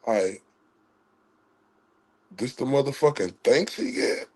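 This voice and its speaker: A man hosting a livestream, ranting in a heated, profane way and swinging between loud outrage and quiet apologies. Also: mid-range voice, big pitch swings, slow pace, husky. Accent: Southern US. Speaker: livestream host.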